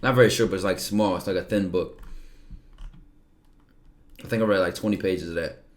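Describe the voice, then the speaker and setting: A man's voice: low voice, a little fast. A young man livestreaming, talking casually and emphatically, with lots of profanity, and sometimes reading aloud from a book.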